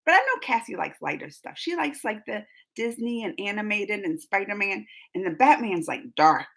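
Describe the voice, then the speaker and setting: A woman's voice: mid-range voice, big pitch swings, normal speed, gravelly, fairly bright tone, breathy edge, low-quality recording. A woman hosting a live stream, chatting casually and emotionally while reading viewer comments, laughing often.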